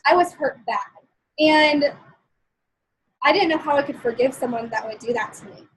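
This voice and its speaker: A woman's voice: high voice, normal speed, slight background noise, low-quality recording. A woman giving a live-streamed motivational talk. She is chatty and upbeat, laughs often between points, and keeps checking in with her listeners. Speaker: motivational speaker.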